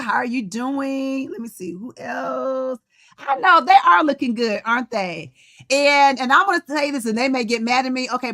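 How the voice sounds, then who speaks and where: A woman's voice: a little high, pushed and bright. A middle-aged woman hosting a podcast livestream in casual chat, greeting viewers by name. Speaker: podcast host and coach.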